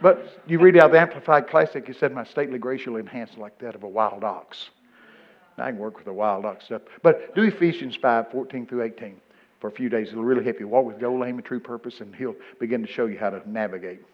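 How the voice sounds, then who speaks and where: A man, preaching a storytelling sermon. He jumps into high shouting voices for the people he quotes. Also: fast, highs cut off.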